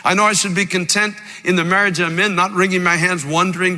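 A man preaching a sermon, impassioned, slowing and rising as he quotes scripture. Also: high-pitched, level tone, bright, forceful tone. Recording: long hall reverb.

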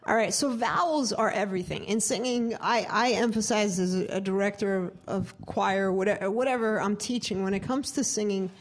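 A woman who directs a choir, teaching a live group how to sing vowels, asking questions and singing short demonstrations. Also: mid-range voice. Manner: interactive, asks the group questions.

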